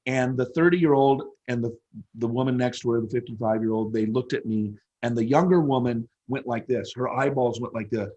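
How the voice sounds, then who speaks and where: A man's voice: mid-range voice, fairly quick, warm tone, lo-fi sound. A man in his fifties, a guest speaker telling a story in an interview, emphatic and repeating phrases for effect. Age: 50s.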